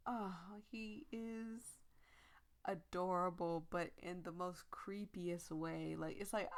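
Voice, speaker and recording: A woman's voice: mid-range voice, measured pace. A woman gaming streamer giving playful, giggly commentary over a let's play.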